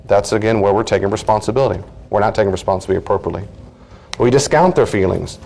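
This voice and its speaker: A man's voice: mid-range voice, racing, darkish tone, a little hiss or hum. A middle-aged man, a counselor teaching a study group, talking earnestly and acting out everyday conversations.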